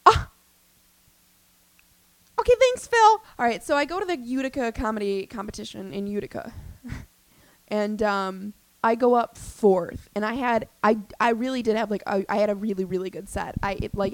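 A young woman in her twenties, a comedian hosting a podcast, telling a story in a rapid, scattered, excitable ramble. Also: medium pitch, no echo. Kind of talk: casual storytelling monologue.

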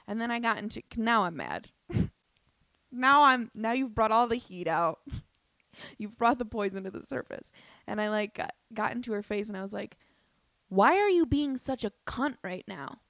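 A woman's voice: medium pitch, animated, moderate pace, sharp tone, no room sound. A young woman stand-up comedian telling a story in a casual vlog, swearing, laughing and acting out both sides of the argument, recorded on her own camera. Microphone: self-recorded on a battery-powered camera.

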